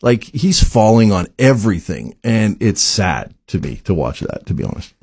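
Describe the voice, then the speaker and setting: A man in casual sports chat, animated and quick to laugh. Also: fairly low pitch, breathy edge, dry recording, clean studio sound. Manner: animated, laughs easily, acts out players' voices.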